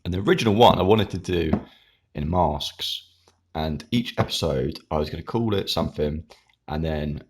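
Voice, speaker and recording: A man's voice: rumbling low, normal speed. A man, hosting his own channel, chatting casually in a rambling way while eating with his mouth full. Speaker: YouTube channel host.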